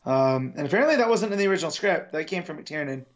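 American man, podcast co-host, higher voice, muffled home mic. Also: animated, fast talker. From United States. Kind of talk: casual film discussion. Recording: dull lo-fi mic.

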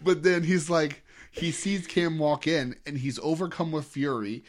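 A man's voice: a little high, fairly even intonation, measured pace, noisy background. A young man co-hosting a podcast, recapping events in casual chat with dry jokes. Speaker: podcast co-host.

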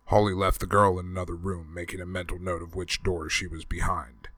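A man reading a novel chapter aloud as a narrator in a steady, measured storytelling manner. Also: sits low, dry recording. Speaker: audiobook reader. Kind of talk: scripted narration.

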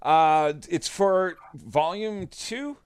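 A man hosting a casual podcast chat, enthusiastic and quick to laugh. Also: sits high, slight background noise. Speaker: podcast host.

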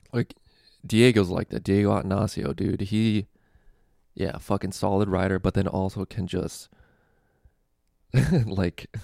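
A man's voice: sits low, creaky, darkish tone, dry recording, studio quality. A young man casually telling a story with lots of fillers, swearing and laughter, hosting a comedy podcast. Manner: laid-back, profane, lots of fillers and laughs.

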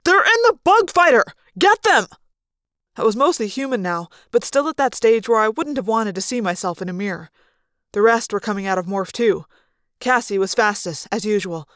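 A woman's voice: mid-range voice, brisk, clean tone, no room sound. Woman reading a story aloud, dry close voice. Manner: expressive first-person storytelling. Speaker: audiobook reader. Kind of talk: fan read-aloud narration.

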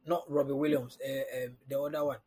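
On a casual sports podcast, a guest analyst breaks down basketball matchups, walking through the numbers step by step and often asking "you understand?" His mid-range voice has a flat, brisk delivery, with crowd noise in the background.

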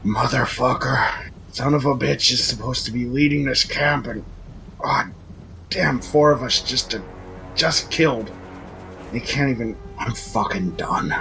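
A man's voice: medium pitch, unhurried, vocal fry, pushed and bright, pitched above the performer's own voice, poor audio. A man voicing a male hobgoblin soldier who curses through tears of rage and grief, in a tabletop game session with faint music behind. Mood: anguished rage. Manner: cursing, grief-stricken.

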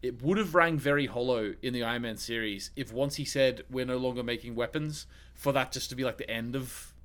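A man's voice: mid-range voice, fairly quick, a bit bright. A young man co-hosting a podcast, chatting casually about films with lots of restarts and fillers. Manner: rambling, many restarts and fillers. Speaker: podcast co-host. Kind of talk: casual film chat.

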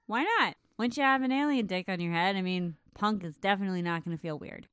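A woman's voice: medium pitch, quick pace, a bit bright, clean tone, dry recording, studio quality. A woman co-hosting a podcast, asking probing questions and analysing films with amusement. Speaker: podcast co-host. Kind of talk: casual movie discussion.

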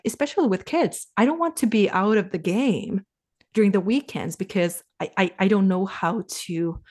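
A woman from Finland in her thirties, a guest on a podcast interview, talking in a relaxed, reflective way and turning lively when she quotes herself. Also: medium pitch. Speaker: podcast guest, sales coach. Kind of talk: casual interview talk.

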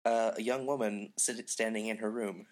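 A man's voice: fairly low pitch, fairly even intonation, moderate pace, a little mellow. A man co-hosting a podcast in casual chat, with a phlegmy voice, dry joking asides and hesitant restarts. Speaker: podcast co-host. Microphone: remote call.

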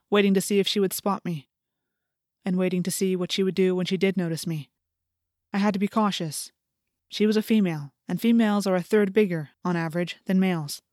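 A woman's voice: on the low side, no echo. Woman reading an audiobook, dry close sound. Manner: measured, steady storytelling with intense, climbing passages. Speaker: audiobook narrator. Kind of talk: scripted first-person audiobook narration.

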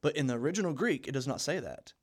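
A man's voice: mid-range voice, lively intonation, quick pace. A young man co-hosting a casual Bible study podcast, earnest and often repeating and restarting his phrases. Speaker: co-host.

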